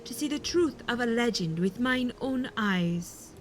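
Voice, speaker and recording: A woman's voice: fairly high pitch, expressive, measured pace, pitched above the performer's own voice. A woman doing stagey Irish-accented fantasy heroes. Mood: theatrical. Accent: put-on Irish. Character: fantasy game characters, read aloud. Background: game music.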